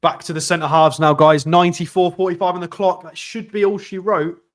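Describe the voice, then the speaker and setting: A man hosting a live football watchalong, chatty and excitable, reading out and thanking viewer messages. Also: sits high, a little fast. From North East England. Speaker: football channel host. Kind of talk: live match watchalong commentary.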